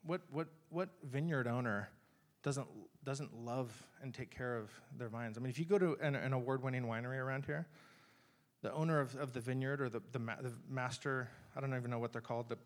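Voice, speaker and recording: A man's voice: medium pitch, brisk. A man preaching a sermon in a conversational, earnest way, with frequent restarts and asides to the congregation. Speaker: pastor.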